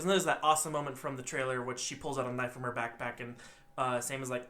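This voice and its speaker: A young man co-hosting a podcast, retelling a film's plot in a rambling, animated way and acting out the characters' lines. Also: medium pitch, fast talker. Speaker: podcast co-host. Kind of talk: casual movie recap.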